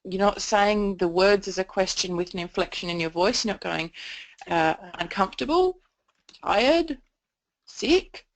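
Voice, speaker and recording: Gravelly-voiced woman explaining a training method. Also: fairly low pitch, level tone, moderate pace, rough recording. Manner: explanatory, frequent um fillers. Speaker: communication trainer. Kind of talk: training presentation.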